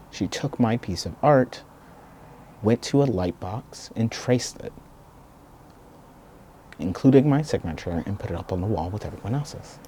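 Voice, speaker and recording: A man telling a personal story in a reflective, soft-spoken and earnest way. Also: on the low side, expressive, a little slow, pauses often, a little hiss or hum. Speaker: video essayist.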